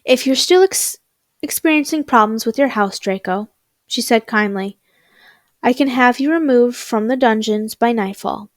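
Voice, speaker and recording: A woman's voice: fairly high pitch, normal speed, no room sound, clean studio sound, natural voice. Woman reading as a stern elderly headmistress.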